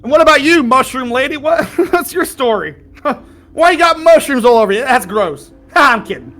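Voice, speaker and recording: A man with a high, bright voice runs a tabletop game from his home mic. He talks in a rambling, folksy drawl and laughs often. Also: lively intonation, normal speed. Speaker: game master. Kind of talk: playing a tabletop game, doing character voices.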